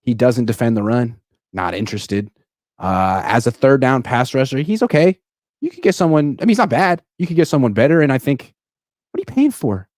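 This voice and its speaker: A man from California co-hosting a sports talk stream, delivering blunt, wry opinions at a middling pitch. The sound is dry and close, with no room echo. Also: expressive, a little fast, a little mellow. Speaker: sports podcast co-host. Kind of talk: casual sports talk livestream.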